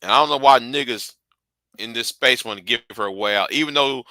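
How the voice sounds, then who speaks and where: A man's voice: mid-range voice, brisk, bright, forceful tone, dry recording, low-quality recording. A man hosting a livestream, ranting heatedly and profanely, often repeating and restarting his words. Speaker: livestream host. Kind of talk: angry livestream rant.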